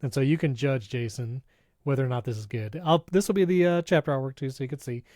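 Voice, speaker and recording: A man co-hosting a tech podcast in casual chat, upbeat and chatty, quick to laugh. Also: medium pitch, a little mellow, no echo, studio quality. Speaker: podcast co-host.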